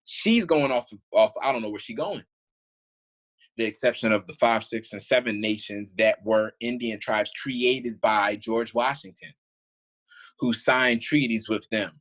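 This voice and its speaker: An online commentator rambles through old documents he reads aloud, restarting now and then and voicing casual indignation in informal, "y'all"-heavy speech. His voice is medium-pitched, unhurried, and fairly bright, on a rough recording.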